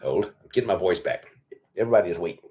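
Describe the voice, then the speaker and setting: A hoarse male farmer hosting a casual livestream Q&A, blunt and profane, rambling with lots of fillers. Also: low voice, racing, mellow, soft background music. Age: adult with children. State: losing his voice, hoarse.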